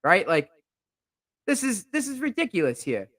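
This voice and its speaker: A young man rants on his podcast in a high, bright voice, indignant and fired up, looping back over his points. He speaks close into a podcast microphone, and the sound is dry and close. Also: huge pitch swings, normal speed, no room sound. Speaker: podcast host. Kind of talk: heated podcast rant.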